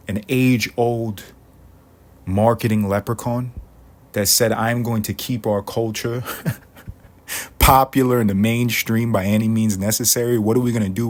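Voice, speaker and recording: Man, podcast host, rambling comic monologue, swears a lot, lowish voice. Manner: rambling, profane, animated riffing with sudden loud jumps. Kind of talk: solo comedic podcast monologue.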